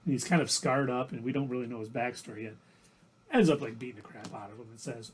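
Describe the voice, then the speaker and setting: A man's voice: mid-range voice, fast, husky. A man co-hosting a livestream, casually recapping TV episodes in a rambling, self-correcting way. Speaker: livestream co-host.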